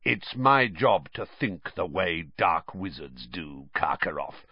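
A man's voice: sits low, slow pace, slightly rough, no room sound, heavily acted. A man voicing a suspicious, grizzled old male wizard who growls menacingly, on slightly dull audio. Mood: gruff.

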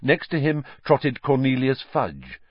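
A man narrating an audiobook in an expressive storytelling manner. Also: medium pitch, unhurried, breathy edge, no room sound, highs cut off. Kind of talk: scripted narration.

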